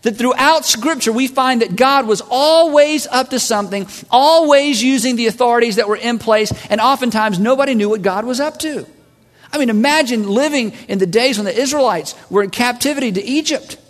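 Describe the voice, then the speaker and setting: Man, pastor, lively sermon, acts out voices, very high pitch, long hall echo. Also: moderate pace. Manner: animated, acts out voices of listeners and God. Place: large church hall.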